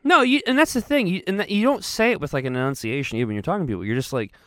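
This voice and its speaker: A man's voice: on the high side, rapid-fire, fairly bright tone, dry recording, studio quality. A man co-hosting a podcast in casual banter, talking in a rambling, profane way full of fillers. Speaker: podcast co-host.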